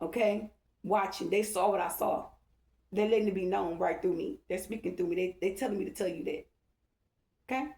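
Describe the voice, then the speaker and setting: A woman talks straight to her followers in a rambling, emphatic way. She repeats herself and keeps asking "okay?" Her voice sits at a middle pitch and rings around an echoey room. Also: a little fast, creaky, warm tone. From Dallas-Fort Worth area, Texas. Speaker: spiritual reader. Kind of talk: casual storytelling to her followers.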